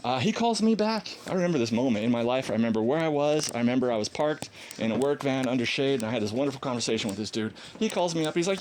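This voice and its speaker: A defiant man tells a long story in a casual, animated monologue, acting out quoted dialogue and laughing often. His voice sits at an ordinary middle pitch. A faint hiss is heard behind him. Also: quick pace, hardly any pauses. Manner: defiant, combative. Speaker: vlogger.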